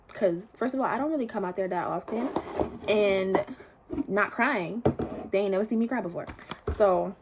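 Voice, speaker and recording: A woman's voice: medium pitch, noisy background. A young woman vlogging a casual storytime, retelling events with slang and quoted voices.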